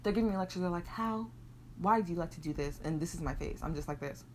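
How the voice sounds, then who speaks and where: A young woman from Nigeria, co-hosting a podcast, telling childhood stories in an animated, profane way with bursts of laughter. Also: lowish voice, fast talker, a little hiss or hum. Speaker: podcast co-host. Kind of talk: casual chat.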